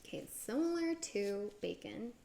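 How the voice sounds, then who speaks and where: A woman on a casual cooking stream, thinking aloud, reading chat and answering it, now and then breaking into high, excited exclamations. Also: moderate pace, vocal fry. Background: background music.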